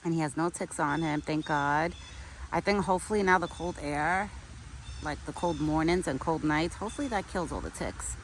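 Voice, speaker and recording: A woman chatting casually to camera outdoors while feeding a pet deer, cooing to it in soft baby talk. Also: low-pitched, normal speed. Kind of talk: casual outdoor vlog chat. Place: outdoors in a windy yard. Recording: faint wind and outdoor noise.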